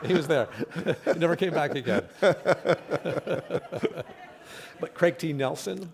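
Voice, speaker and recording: A man's voice: a little high, slow pace, vocal fry, pauses often. A middle-aged man, a comedian, telling stories on stage, laughing at his own jokes and acting out quotes. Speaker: comedian guest. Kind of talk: storytelling conversation on stage. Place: live talk event stage.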